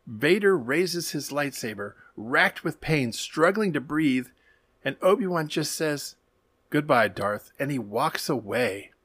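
A man co-hosting a podcast, giving a casual, animated recap with wry asides and casual swearing. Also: on the high side, unhurried, slightly rough, no echo. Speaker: podcast co-host.

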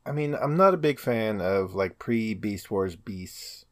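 A man's voice: on the low side, lively intonation, measured pace. A man co-hosting a podcast in casual chat, laid-back and brief in his replies. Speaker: podcast co-host.

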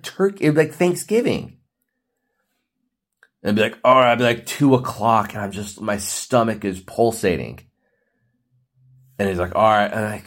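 Blunt man ranting on a podcast. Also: on the low side. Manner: blunt, preachy, joking. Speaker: podcast host. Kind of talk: ranting monologue.

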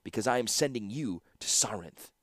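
Narrator as a cold warlord, low, slow, flat. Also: male voice, dry recording, studio quality. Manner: expressionless, measured and slow. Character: cold, calculating male warlord ruler. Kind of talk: audiobook character voice.

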